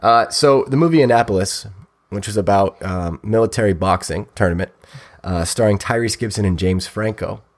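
Male podcast co-host, low voice, casual rambling storyteller, jokey. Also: moderate pace. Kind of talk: casual chat.

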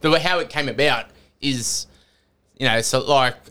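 A man's voice: medium pitch, normal speed, bright, forceful tone, smooth. An Australian man chatting casually as a podcast guest, rambling and laughing often, restarting his sentences.

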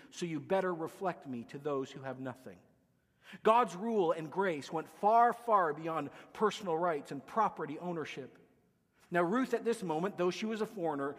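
A man preaching a sermon as pastor, emphatic, with hushed lines between loud declarations. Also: high-pitched, in a large hall.

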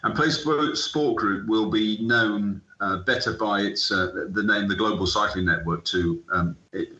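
A middle-aged sports entrepreneur from the UK recounts anecdotes in a storytelling interview, lively as he plays out remembered dialogue. He speaks fairly low and a little slow, in an echoey room on dull lo-fi audio.

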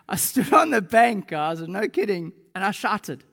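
A man preaching a sermon, telling personal stories with lively energy and loud reenacted moments. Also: high-pitched, slow pace, vocal fry. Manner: animated storytelling, shouting in reenactments. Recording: long hall reverb.

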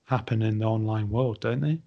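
A man's voice: on the low side, fairly quick, vocal fry, dull audio. A man from England, a guest on a podcast, chatting in an upbeat but hesitant way and often repeating his words. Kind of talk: casual conversation.

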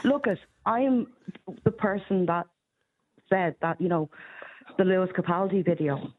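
An Irish woman giving blunt, opinionated views in casual radio chat, quick to laugh. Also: lowish voice, lively intonation, narrow, tinny audio. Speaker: radio panelist.

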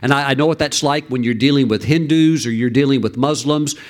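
A pastor preaches a sermon, telling a story with animation, and his medium-pitched voice moves a little fast. He uses fillers and restarts, and his voice rises at the dramatic moments.

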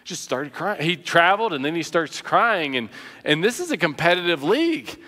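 A man's voice: on the high side, very animated, normal speed, pushed and bright, big-room sound. A man preaching a sermon as pastor, conversational and earnest, telling personal anecdotes.

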